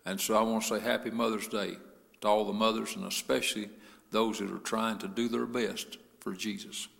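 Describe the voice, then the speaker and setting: Male pastor, bright and high-pitched, fervent sermon delivery, reverberant church sanctuary. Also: flat delivery, moderate pace, vocal fry. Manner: rising to an impassioned preaching cadence, with many "uh" fillers. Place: church sanctuary, broadcast service. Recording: long reverb of a church hall.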